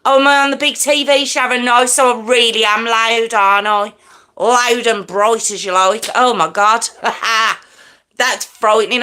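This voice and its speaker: Chatty woman livestream host. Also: on the high side. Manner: chatty, greets viewers by name, self-described loud and hyped. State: wheezy chest. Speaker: true crime livestream host. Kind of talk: casual livestream chat with viewers.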